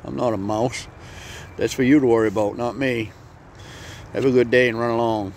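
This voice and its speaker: A man's voice: mid-range voice, steady tone, moderate pace, a little mellow, slight background noise, lightly acted. A man voicing a blunt, folksy male cow in a spoken story who shrugs off others' problems. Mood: dismissive.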